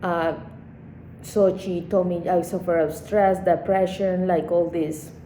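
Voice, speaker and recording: A woman's voice: lowish voice, steady tone, slow, mellow. A woman vlogger telling a personal story in a rambling, emotional way with frequent swearing. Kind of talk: casual storytime monologue. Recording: echoey room with faint background noise.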